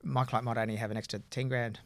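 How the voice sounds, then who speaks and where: A man's voice: mid-range voice, level tone, fast, dry recording. A man, a buyer's agent explaining his work in casual podcast chat, rambling with frequent fillers.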